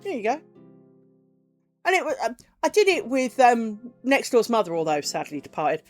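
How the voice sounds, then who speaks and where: A middle-aged woman chats with her stream viewers while crafting, swearing freely and acting out little back-and-forth dialogues. Her voice sits a little high and swings widely in pitch. Faint music plays under her. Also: big pitch swings, normal speed. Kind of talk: casual chat with live viewers while crafting.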